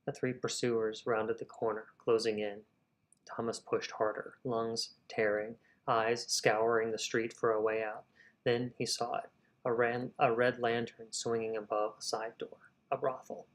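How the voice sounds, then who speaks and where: A fiction writer reads his novel draft aloud in a live writing session, his medium-pitched voice level and a little slow over poor audio. He reads prose, then pauses to rethink and edit the wording, talking to himself as he goes.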